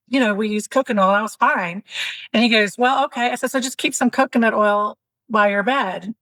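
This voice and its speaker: A woman in her fifties, a podcast guest, telling a candid comic story with lively back-and-forth dialogue and casual swearing. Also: medium pitch, dry recording, poor audio. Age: 50s. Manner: animated, acts out both sides of a story, swears freely.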